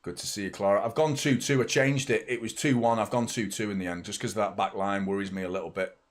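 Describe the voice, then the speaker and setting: A man's voice: fairly low pitch, steady tone, fast talker. A young English man hosting a live football watchalong, chatting casually and rambling to viewers by name. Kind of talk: casual live match chat.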